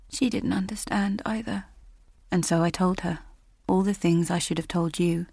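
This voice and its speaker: A woman narrating an audiobook in the first person, measured, dropping to a hush in tense passages. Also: fairly low pitch, steady tone, gravelly, husky, no room sound.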